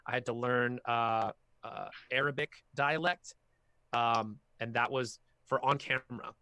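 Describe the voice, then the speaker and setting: A man with a bright, forceful voice chats animatedly as a voice actor guest at an online workshop. He is recorded close and dry, with no room sound. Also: medium pitch, measured pace, clean tone, no room sound. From half Filipino heritage. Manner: animated, talkative storyteller. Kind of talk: casual workshop talk.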